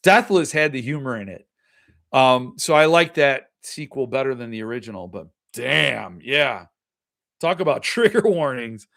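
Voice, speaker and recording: A man's voice: medium pitch, animated, moderate pace, gravelly, fairly bright tone. A middle-aged man hosting a casual livestream, chatting and reacting to viewer comments, often trailing off and restarting his sentences. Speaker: host.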